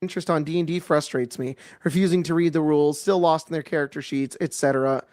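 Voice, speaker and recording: Mid-pitched video narrator, dry sound, reads posts aloud with jokes. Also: fairly even intonation, fast talker, darkish tone, no room sound. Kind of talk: reading posts aloud with commentary.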